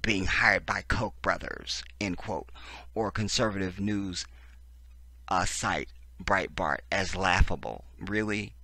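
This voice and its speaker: A man's voice: low-pitched, sharp tone, no echo. A man hosting a profane, sarcastic political commentary, reading text aloud and breaking in with heated reactions. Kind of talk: ranting video commentary.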